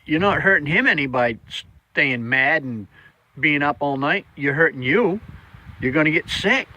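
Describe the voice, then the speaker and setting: Male vlogger, plainspoken and blunt, casual daily encouragement in a crisp, bright tone. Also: a little high, expressive, moderate pace, lo-fi sound, a little hiss or hum. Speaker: motivational vlogger. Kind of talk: casual motivational talk.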